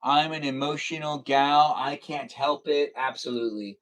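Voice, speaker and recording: Young male streamer, rambling and playful, light higher voice, given to goofy noises. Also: fairly even intonation, normal speed, fairly bright tone. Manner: playful, silly, breaks into goofy noises and sing-song bits. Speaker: live streamer. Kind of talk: casual live-stream gaming chatter.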